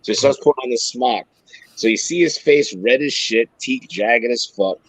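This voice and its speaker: Podcast co-host, male, husky and animated, swears freely, dry close mic. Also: medium pitch, normal speed, no echo, low-quality recording. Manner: animated, profane, acts out quoted voices. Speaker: podcast co-host, former corrections supervisor. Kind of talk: casual storytelling chat.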